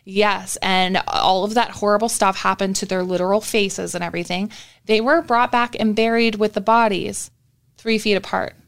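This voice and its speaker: A woman's voice: mid-range voice, moderate pace, creaky, clean tone. Young woman telling a story. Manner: animated storytelling, swearing. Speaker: podcast co-host. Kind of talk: casual chat.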